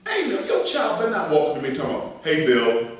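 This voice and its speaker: A middle-aged pastor preaching a sermon, swinging between loud emphasis and quiet asides. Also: male voice, sits high, wildly swooping pitch, rapid-fire. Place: church sanctuary. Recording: echoey church, voice from a distance.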